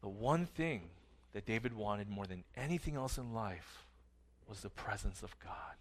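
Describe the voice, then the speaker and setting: A middle-aged man preaching a sermon earnestly, his phrases often trailing off softly at the ends. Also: lowish voice, lively intonation, a little slow. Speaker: pastor.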